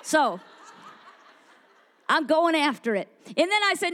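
A woman preacher telling an animated story in a sermon to a women's gathering, acting out the people she quotes. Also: high-pitched, normal speed, pauses often, big-room sound. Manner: animated, acts out quoted voices.

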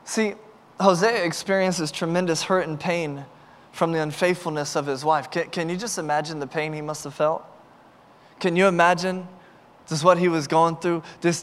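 Male pastor, high voice, impassioned sermon delivery in a reverberant church hall. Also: a bit bright. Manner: impassioned preaching, repeats words and phrases.

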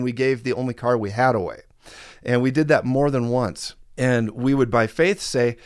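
A middle-aged man delivers a sermon in an earnest storytelling manner, repeating key phrases for emphasis. His voice sits at an ordinary pitch for a man. The recording is dry and close, with no room echo. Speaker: preacher.

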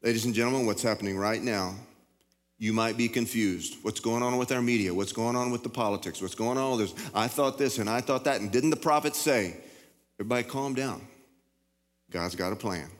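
A middle-aged man preaching a sermon in a folksy way, often repeating and stumbling over his words, in a large church hall. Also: medium pitch. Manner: folksy, repetitive, stammering. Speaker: pastor. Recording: long hall reverb.

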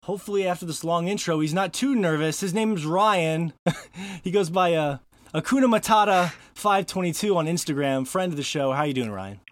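A man's voice: fairly high pitch, normal speed, dry recording, clean studio sound. Joking man hosting a podcast. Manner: joking, laughs often. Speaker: podcast host. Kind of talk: casual podcast chat.

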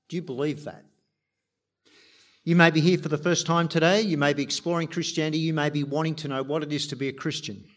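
A man's voice: fairly high pitch, fairly even intonation, fast talker, a bit bright. A man preaching a sermon, appealing directly and earnestly to his listeners.

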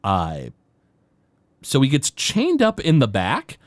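Animated man full of ums. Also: medium pitch, slow, no room sound. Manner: hesitant, many fillers and restarts; acts out quoted characters. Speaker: podcast co-host. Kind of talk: casual chat.

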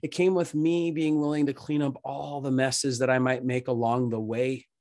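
A man in his thirties, a podcast guest, speaks earnestly in a mid-range voice and goes quiet and tender as he talks about faith. The recording is dry, with hardly any room sound. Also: medium pitch, little pitch movement, normal speed, no room sound. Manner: earnest, emotional, drops soft when speaking of faith. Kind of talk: candid personal storytelling.

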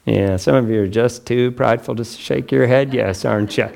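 A man preaching a sermon as pastor, talking in a chatty, joking way and acting out quotes with big pitch swings. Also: normal speed, gravelly, darkish tone.

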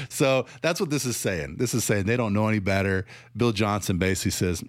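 A man from the American South with a Southern accent talks through a critical commentary in a lowish voice. He is sarcastic and laughs often, restarting his sentences as he goes. The sound is dry, with no room echo. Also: brisk. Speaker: commentator on church teaching.

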